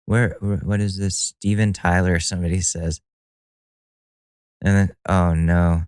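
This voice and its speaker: A man's voice: low-pitched, flat delivery, measured pace, a little mellow, clean tone, dry recording. A man hosting a solo podcast in a casual monologue. He is profane and sardonic and laughs at his own jokes. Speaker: podcast host.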